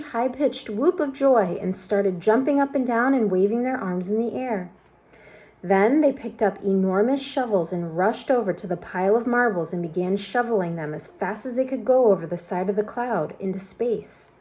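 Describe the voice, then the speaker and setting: A woman reads a children's book aloud in an expressive storytelling way. Her voice is warm and mellow, at a middle pitch. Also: moderate pace. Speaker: storybook reader.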